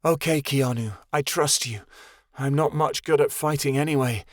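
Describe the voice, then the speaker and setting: Timid, tearful female flying creature, done by a male narrator: soft, lifted pitch, hesitant. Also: moderate pace, no echo, clean studio sound, close to an everyday voice. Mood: anxious.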